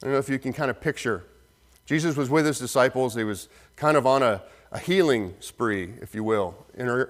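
A man preaching a sermon as pastor, earnest, slowing down for emphasis and acting out the voices in the story. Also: medium pitch. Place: church sanctuary. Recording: long reverb of a hall.

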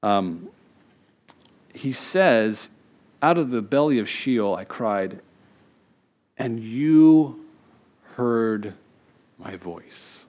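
Male pastor, sermon, animated storytelling, acted-out quotes, middle-aged. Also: mid-range voice, very slow, pauses often.

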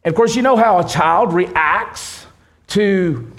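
A man preaching a sermon, leaning on key words slowly and restarting phrases as he explains. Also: high voice, fairly bright tone. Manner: preaching with slow emphatic stresses and restarts. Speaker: pastor.

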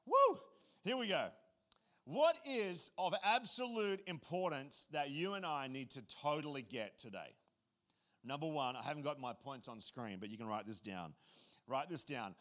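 High-voiced male pastor, lively and joking, casual sermon delivery. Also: normal speed. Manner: animated, casual and joking, repeats phrases.

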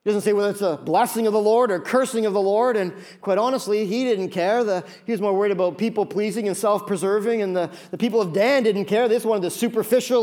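A man preaching a sermon, telling a story with animated asides and acted-out voices. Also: sits high, quick pace, few pauses. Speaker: pastor.

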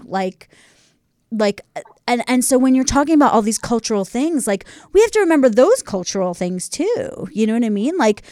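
A woman's voice: sits high, mellow, no echo, studio quality. A woman co-hosting a podcast, talking effusively and openly about her own experience in a casual interview. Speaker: podcast co-host.

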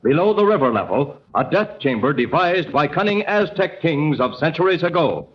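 A man's voice: a little high, big pitch swings, normal speed. A man announcing a 1940s radio serial, addressing young listeners in a chummy, enthusiastic way. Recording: dull, faintly hissy old radio recording.

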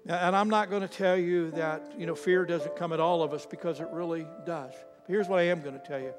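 High-voiced man preaching in a hall. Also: fairly quick, music in the background. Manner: animated storytelling, rising to shouts at climaxes. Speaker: pastor. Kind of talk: sermon.

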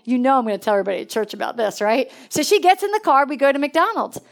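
This is a woman preacher whose voice sits a little high. She tells stories from the pulpit with lots of animation. She lifts into excited exclamations, then drops to a near hush to make a point. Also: fast talker. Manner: animated, swings between excited exclamations and hushed asides. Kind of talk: storytelling sermon.

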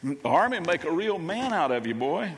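A man's voice: a little high, sing-song, moderate pace, in a large hall. A man doing a hearty proud father. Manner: hearty, enthusiastic.

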